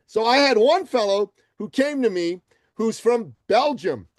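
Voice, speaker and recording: A man from Iran, a podcast guest, telling success stories with animated, emphatic delivery. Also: very high-pitched, measured pace, no room sound. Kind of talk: energetic storytelling interview answers.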